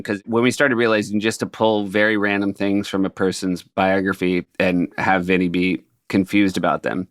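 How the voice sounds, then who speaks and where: Brief: male podcast host, low voice, dry close mic, casual recapping. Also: a bit bright, no echo. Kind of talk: casual chat.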